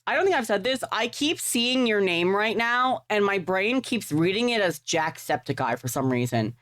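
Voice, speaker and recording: A woman's voice: medium pitch, animated, moderate pace, a bit bright, no echo, studio quality. A woman livestreaming, chatting casually and rambling with offhand swearing while setting up a game. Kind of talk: casual live-stream chat while gaming.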